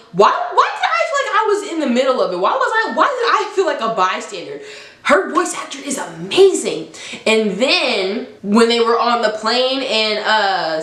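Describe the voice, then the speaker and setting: A woman's voice: fairly high pitch, fairly bright tone. A woman in her twenties chatting enthusiastically in a casual vlog, laughing often. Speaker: vlogger. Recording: roomy echo.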